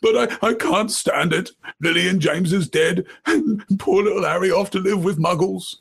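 A man voicing a big, shaggy, soft-hearted giant man from a storybook, talking in a tearful, blubbering way with a husky voice. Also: sits high, moderate pace, voice pushed up, heavily acted.

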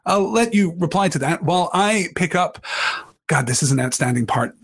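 A man's voice: fairly high pitch, expressive, moderate pace, creaky, slightly rough. A man reading aloud from a novel and discussing it with his audience like a literature teacher, enthusiastic and asking questions.

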